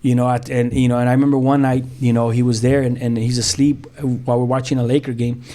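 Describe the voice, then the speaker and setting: A man's voice: mid-range voice, level tone, fast talker, warm tone. A middle-aged man from South Central Los Angeles speaks as a pastor sharing his testimony on a podcast. He tells the story in an easygoing, conversational way, often saying "you know". He acts out the back-and-forth of what people said. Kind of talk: personal testimony in a podcast interview.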